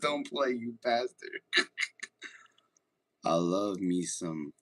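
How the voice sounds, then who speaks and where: A man on a casual livestream talks very slowly in an expressive, lowish voice that's a bit bright. He jokes around in a relaxed way and reads viewers' chat out loud.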